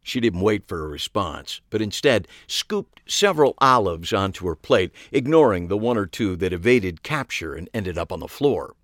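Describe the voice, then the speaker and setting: A man's voice: low-pitched, big pitch swings, normal speed, hardly any pauses, a bit bright, no echo. A man narrating a story in the first person, dry and wry in tone. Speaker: audiobook narrator.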